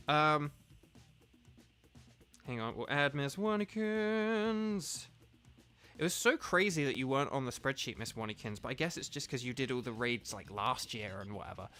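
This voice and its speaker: A young man hosts a casual livestream, talking warmly and loosely with his viewers, with many ums and restarts. His voice sits a little high for a man. Faint game music plays underneath. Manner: chatty, friendly, lots of fillers and restarts. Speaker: streamer and voice actor.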